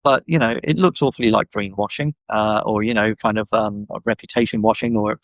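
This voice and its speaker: A man with a gravelly, creaky voice talks as an animated podcast guest, often slipping into quoted voices of the people he describes. His speech is full of "you know" and "um", and he sounds dry and close on a video call mic. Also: fairly low pitch, a little fast, no room sound, low-quality recording. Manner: animated, acts out quoted voices, many fillers. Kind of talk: casual conversational discussion. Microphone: video call microphone.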